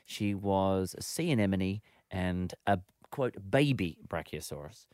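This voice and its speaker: A man hosting a radio show, telling stories in an animated, chatty way with quick asides. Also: low voice, no room sound, studio quality. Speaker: radio host. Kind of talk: casual radio chat.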